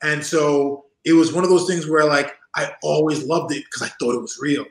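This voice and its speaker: A man in his forties with a somewhat high voice tells his stories in a loose, animated way, laughing often and slipping into the voices of the people he describes. He talks from a home room over a video call, and the sound echoes around the room. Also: moderate pace. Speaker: interview guest. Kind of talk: casual storytelling in an interview.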